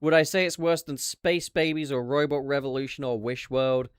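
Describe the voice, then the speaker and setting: A man hosting a casual livestream chat, swearing freely and throwing in quick asides. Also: mid-range voice, steady tone, clean tone, dry recording, clean studio sound. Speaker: podcast host.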